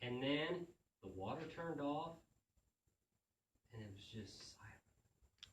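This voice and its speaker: A man, a visiting children's author, tells a story and asks schoolchildren lively questions. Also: medium pitch, takes it slowly, distant mic, a little hiss or hum. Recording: echoey room, mic from afar.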